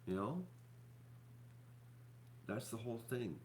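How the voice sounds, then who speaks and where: A man hosting his own channel, talking to viewers in a rambling, halting way full of fillers and restarts, sounding depressed and upset. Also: fairly low pitch, animated, a little mellow, slight background noise. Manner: halting, repeats words, many fillers. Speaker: YouTuber host. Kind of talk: rambling live-stream talk to viewers.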